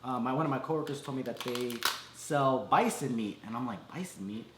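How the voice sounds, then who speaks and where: A man chatting casually beside his partner over a meal, relaxed and rambling, with many hesitations. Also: mid-range voice, brisk. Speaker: partner and co-host. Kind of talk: casual chat. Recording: echoey room with faint background noise.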